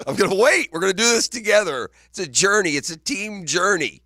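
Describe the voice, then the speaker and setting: Bright, playful sports radio man. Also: high voice, expressive, normal speed, no echo, clean studio sound. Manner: playful, laughing often, teasing. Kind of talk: casual morning radio banter. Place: radio studio. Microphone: studio microphone.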